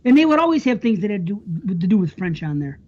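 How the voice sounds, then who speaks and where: A man's voice: sits high, big pitch swings, fast, a little mellow, dull audio. An American man hosting a podcast, telling rambling anecdotes in casual chat. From United States. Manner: rambling storyteller, chuckles often. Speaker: podcast host.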